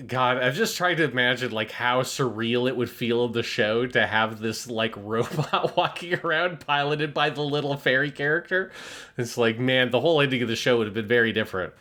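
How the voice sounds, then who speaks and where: A man's voice: medium pitch, a little fast, sharp tone. A man co-hosting an anime review podcast in casual chat, rambling with enthusiasm and swearing now and then. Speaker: podcast co-host.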